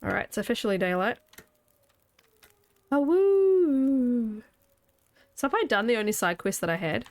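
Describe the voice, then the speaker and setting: A woman's voice: mid-range voice, racing, hardly any pauses, fairly bright tone, dry recording. A New Zealand woman in her thirties, her accent carrying a faint Scottish edge, talks her way through a game stream from home. She is chatty and loose, laughing often and answering her chat as she plays. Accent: New Zealand with a slight Scottish tinge. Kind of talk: casual gaming commentary. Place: home room.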